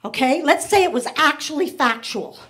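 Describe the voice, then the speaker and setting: High-voiced woman doing stand-up. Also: expressive, a bit bright. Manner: chatty, rapid shifts into voiced asides. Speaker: stand-up comedian. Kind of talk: stand-up comedy set. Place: comedy club stage before a laughing audience.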